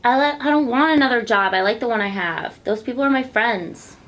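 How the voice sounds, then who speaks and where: A woman's voice: on the high side, fairly quick, natural voice, rough recording. A young acting student playing a moody, defensive young woman who picks a fight in a stage scene. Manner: petulant, accusing. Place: classroom stage.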